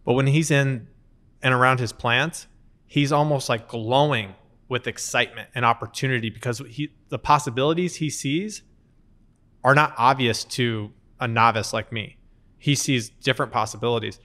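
A man in his thirties, an interview guest, telling lively anecdotes in conversation and acting out quotes along the way. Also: mid-range voice, moderate pace. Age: 30s. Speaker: company co-founder, interview guest. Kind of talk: conversational storytelling.

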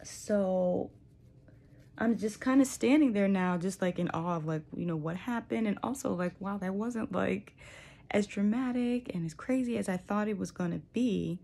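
A woman's voice: mid-range voice, normal speed, vocal fry, mellow. A young woman telling a personal spiritual story in a casual, reflective way, full of likes and you knows. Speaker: vlogger sharing a spiritual journey.

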